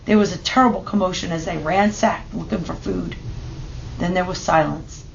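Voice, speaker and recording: A woman reading a children's picture book aloud in steady, measured narration. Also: fairly low pitch, vocal fry, highs cut off, slight background noise. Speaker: storybook reader.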